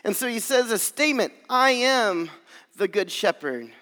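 A man preaching a sermon as pastor, earnest and swelling louder on key phrases. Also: high-pitched, expressive, a little slow, long reverb tail.

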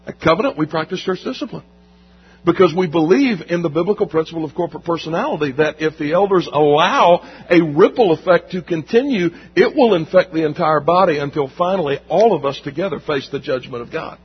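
A man's voice: a little high, lively intonation, a little fast, husky. A man preaching a sermon as pastor, emphatic and conversational, repeating phrases for weight, recorded in a church sanctuary. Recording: dull recording with long hall reverb.

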